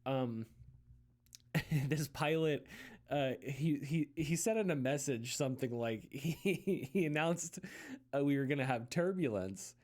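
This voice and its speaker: A man's voice: fairly high pitch, takes it slowly, a little mellow. Rambling, chuckling male podcaster. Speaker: podcast co-host. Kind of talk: casual chat.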